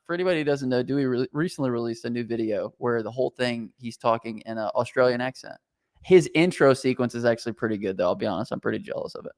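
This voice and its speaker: Animated, jokey male podcast host. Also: mid-range voice. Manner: animated, jokey, quick asides and restarts. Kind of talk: casual business Q&A chat.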